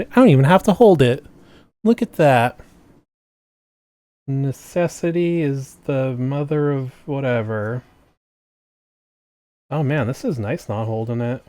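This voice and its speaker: A man with a medium-pitched, somewhat dark voice streams himself painting miniatures and chats casually with viewers through a desk microphone. He's chatty and full of jokes, often trailing off mid-sentence and then starting over.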